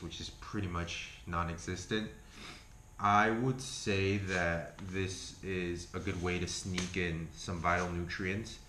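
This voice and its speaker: Casual male vlogger, Argentine accent, very low voice, loose and profane, echoey room with faint hiss. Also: fairly bright tone. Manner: rambling, swears freely, self-correcting. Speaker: health food vlogger. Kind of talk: casual chat review.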